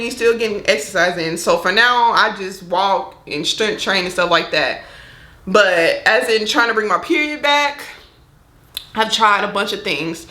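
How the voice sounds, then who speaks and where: A woman's voice: a little high, pushed and bright, roomy sound. A young adult woman talking frankly and chattily to her viewers in a personal vlog. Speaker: vlogger.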